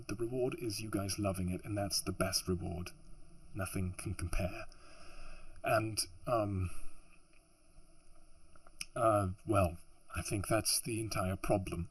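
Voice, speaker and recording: A man's voice: lowish voice, normal speed, breathy edge, no room sound. A man who narrates audiobooks as a hobby, ranting in exasperation with a sore throat, rambling with restarts and sighs, recorded at home on a laptop mic. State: sore throat, hot and sweaty. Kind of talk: frustrated off-script rant. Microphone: laptop mic behind a makeshift pop filter.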